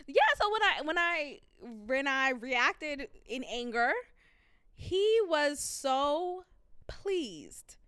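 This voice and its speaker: Bright, candid woman podcaster. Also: sits high, slow, dry recording, studio quality. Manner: candid, animated, laughs loudly when amused. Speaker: podcast host. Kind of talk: casual solo commentary.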